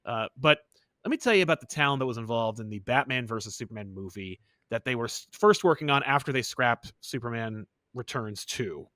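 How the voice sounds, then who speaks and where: A man co-hosting a casual comic-book podcast, telling the story of a film project in an animated, joking way. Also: medium pitch, brisk, no echo, clean studio sound. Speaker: podcast co-host.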